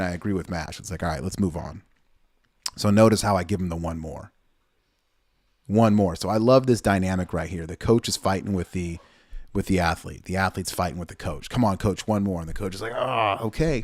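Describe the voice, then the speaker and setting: A man's voice: low voice, darkish tone, dry recording, clean studio sound. A middle-aged man, a weightlifting coach, giving blunt, fired-up casual commentary over a training video, swearing and repeating himself.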